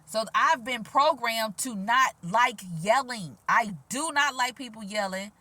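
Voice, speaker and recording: Quiet-voiced sassy woman vlogger, bright tone, slightly high, casual and lively. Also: measured pace, dry recording. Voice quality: quiet, gentle voice. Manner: animated, sassy, laughs often, soft-spoken. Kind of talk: casual spiritual vlog monologue. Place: outdoors.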